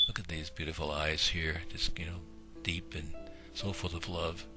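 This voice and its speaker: Brief: deep-voiced male narrator, folksy and rambling home-video style, music underneath. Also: flat delivery, moderate pace. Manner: folksy and rambling, with frequent fillers. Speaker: shelter volunteer and video narrator. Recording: music playing behind.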